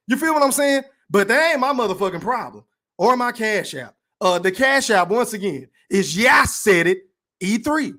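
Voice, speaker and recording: Loud, animated man ranting on a podcast. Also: high-pitched, normal speed. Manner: profane, animated, hypes donations with shout-outs. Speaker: podcast host. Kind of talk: livestream podcast rant.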